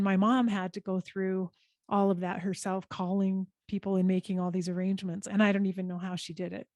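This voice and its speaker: A woman hosts an interview, speaking gently and with empathy. Her voice sits mid-range, and the recording is dry and close, with no room sound. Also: mid-range voice, no room sound. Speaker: podcast host. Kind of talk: interview conversation.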